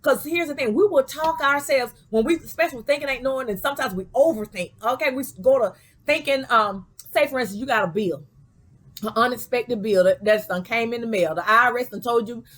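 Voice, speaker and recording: A woman's voice: fairly high pitch, brisk, fairly bright tone. A woman giving a spiritual guidance talk in casual vernacular. She keeps checking in with her listeners, asking "okay?" and "you know what I'm saying?". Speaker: spiritual teacher.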